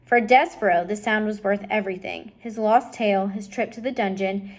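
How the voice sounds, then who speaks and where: A woman's voice: medium pitch, steady tone, moderate pace. A woman reading a children's novel aloud expressively, addressing the listener directly. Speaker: storybook reader.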